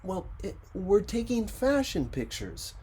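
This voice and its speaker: A man's voice: high voice, very animated, unhurried, dark tone, slightly rough, voice pushed up, exaggerated voice. A man voicing a nervous male photographer who stammers and placates. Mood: flustered.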